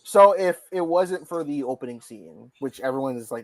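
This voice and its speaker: A man's voice: fairly high pitch, lively intonation, a little fast, no room sound. A man in a casual movie chat, telling scenes animatedly and swearing freely. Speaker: podcast co-host.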